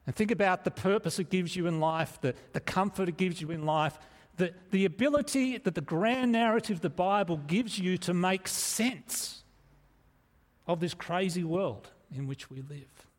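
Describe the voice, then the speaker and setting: A man's voice: high voice, moderate pace. A man preaching a sermon in an earnest, emphatic way, often restarting his phrases. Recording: echoey hall reverb.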